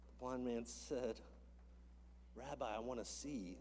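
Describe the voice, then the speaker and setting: A man preaching a sermon as a pastor in a church, moving between hushed whispers and loud, impassioned calls. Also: mid-range voice, takes it slowly. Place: church sanctuary.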